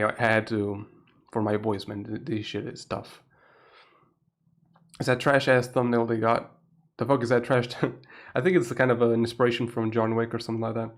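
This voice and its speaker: Hushed Portuguese-accented male streamer. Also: little pitch movement, normal speed. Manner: keeps voice low, laughs often, swears casually. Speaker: streamer reacting live. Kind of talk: casual live-stream commentary. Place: home room at night.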